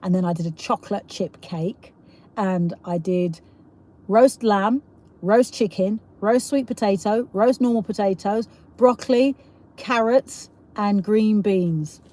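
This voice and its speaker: On a relaxed livestream, a middle-aged English host with a South East London accent chats at length, often laughing and reading comments from her audience aloud. She sounds mellow and unhurried, with a mid-range voice.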